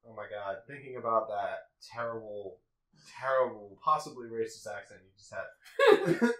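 A man's voice: lowish voice, big pitch swings, normal speed, fairly bright tone, reverberant, far from the mic, rough recording. A man co-hosting a riff track, joking and swearing casually while watching a movie. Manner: laughing, profane banter.

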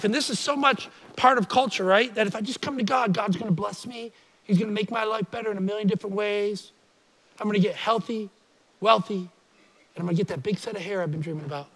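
A man preaches with energetic call-and-response. His voice sits very high for a man. It rings bright and forceful. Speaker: pastor. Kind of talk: sermon.

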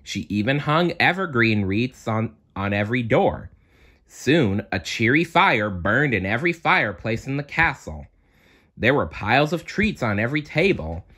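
Storyteller: a man of middle pitch reading aloud with a lively, sing-song lilt. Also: normal speed, breathy edge.

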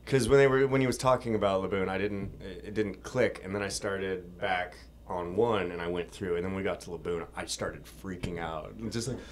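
A man being interviewed as a voice actor, talking fast and excitedly, laughing often and acting out quotes. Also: sits low, slight background noise. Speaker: voice actor guest. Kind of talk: casual interview chat. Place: convention room.

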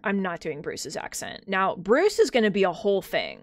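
A woman game master chatting casually while streaming, animated and self-deprecating. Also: medium pitch, moderate pace, hardly any pauses, dry recording. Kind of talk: casual chat.

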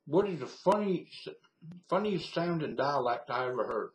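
A man's voice: on the high side, lively intonation, moderate pace. An older man from Virginia with a Southern accent, rambling casually as he tells a story to his webcam and laughing at his own memories. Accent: Southern American (Virginia). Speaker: vlogger telling a story. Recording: echoey room via webcam.

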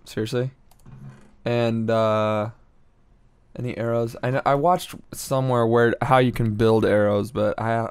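Slow-talking man doing game commentary. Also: medium pitch, level tone, a little mellow, clear, resonant tone. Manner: slangy, easily frustrated, talks to himself while playing. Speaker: gameplay commentator.

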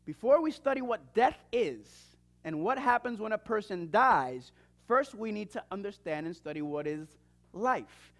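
A man preaching a sermon, reading scripture aloud and often asking his listeners questions and calling for amens. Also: extremely high pitch. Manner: emphatic, asks the crowd questions and calls for amens. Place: church or seminar hall.

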